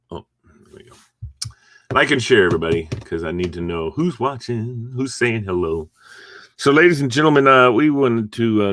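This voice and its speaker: A man's voice: fairly low pitch, a bit bright, no room sound, clean studio sound. Sleepy, rambling man hosting a live stream. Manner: rambling, chatty, yawning, chuckling asides. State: sleepy, just woke up. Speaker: host of a morning encouragement livestream. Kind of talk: casual live-stream chat. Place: at home.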